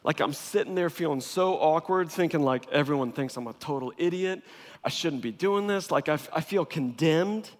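A man preaching a sermon as a pastor, in a casual, humorous and animated way. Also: fairly high pitch, normal speed. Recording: long reverb of a large hall.

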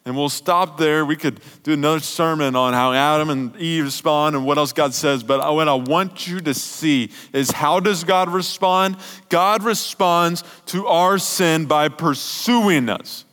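A young man preaching a sermon as a youth pastor, talking in a casual, conversational way, with emphatic rises and quiet, low passages. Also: a little slow. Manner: conversational, emphatic preaching, drops soft and low near the end. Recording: long hall reverb.

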